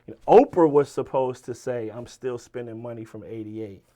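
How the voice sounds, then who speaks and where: A man with a Virginia accent, a rapper telling stories as an interview guest in a casual, animated way, swearing and acting out the people he quotes. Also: mid-range voice, normal speed. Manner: animated, profane, quotes people in lively voices. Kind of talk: casual storytelling.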